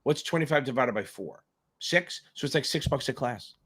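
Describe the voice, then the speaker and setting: A man's voice: mid-range voice, animated, moderate pace, a bit bright, breathy edge. A man hosting a live exam-prep Q&A stream, chatting casually with jokes and profanity. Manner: joking, profane, rambling.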